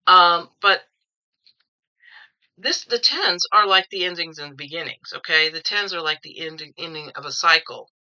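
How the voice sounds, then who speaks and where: A woman talks through a tarot reading at home in a casual, opinionated way, circling back and repeating words as she goes. Her voice sits a bit low and comes across very sharp and forceful, with a dull, lo-fi sound. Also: moderate pace. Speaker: tarot reader.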